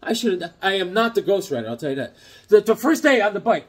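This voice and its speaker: Lively middle-aged man telling stories. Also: high voice, fast. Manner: rambling, jokey, animated, acts out voices. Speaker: comic book collector host. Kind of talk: casual storytelling vlog.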